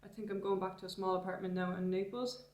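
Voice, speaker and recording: A woman's voice: mid-range voice, little pitch movement, fast talker, darkish tone, dull audio. A young woman, a travel vlogger chatting casually to camera in a rented apartment, rambling and wry.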